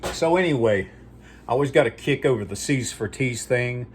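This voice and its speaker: A man's voice: mid-range voice, animated, moderate pace, slight background noise. A man hosting his own video channel, rambling in a folksy, profane casual monologue before a sign-off. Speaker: vlog host.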